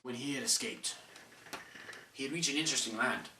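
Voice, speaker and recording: A man's voice: medium pitch, expressive, fairly quick. A young man narrating an amateur rhymed story in a playful, sing-song way. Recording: roomy, distant mic, faint noise.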